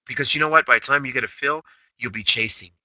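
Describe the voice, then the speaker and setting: A man's voice: medium pitch, fast talker, bright, forceful tone, no room sound, poor audio. A man hosting a day-trading chatroom recap, talking brashly and emphatically with lots of rhetorical questions. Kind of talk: recorded trading session recap.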